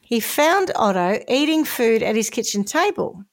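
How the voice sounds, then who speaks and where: A woman host tells a story in a casual, comedic podcast style. Her voice sits a little on the high side. She talks in a chatty way and slips in jokey asides. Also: very animated, a little slow.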